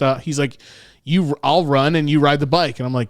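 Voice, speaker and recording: A man's voice: medium pitch, a little fast, dry recording, clean studio sound. A young man co-hosting a podcast, telling a story in a loose, profane way and acting out the people he quotes. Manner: animated, profane, acts out quotes. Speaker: podcast co-host. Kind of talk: casual storytelling chat.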